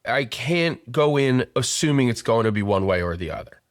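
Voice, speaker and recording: A man's voice: medium pitch, lively intonation, normal speed, no room sound. Chatty man in a dry room. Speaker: podcast host. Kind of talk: conversational podcast interview.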